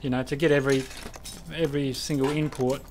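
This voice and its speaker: A man's voice: mid-range voice, little pitch movement, fairly quick, a little mellow. An Australian man hosting a casual live stream chat, rambling and restarting his sentences.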